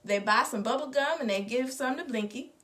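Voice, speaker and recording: A woman reading a storybook aloud with expressive, lively narration. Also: sits high, brisk. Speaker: reader. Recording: distant mic.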